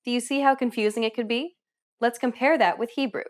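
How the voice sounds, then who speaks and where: A woman's voice: a little high, fairly even intonation, brisk. Woman, lesson host; scripted narration, friendly, asks questions to engage learners.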